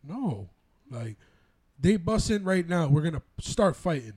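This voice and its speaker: Young New podcast co-host, warm dark tone, dry close sound, easygoing and profane. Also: male voice, a little high, very animated, measured pace, husky, dry recording. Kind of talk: casual podcast chat.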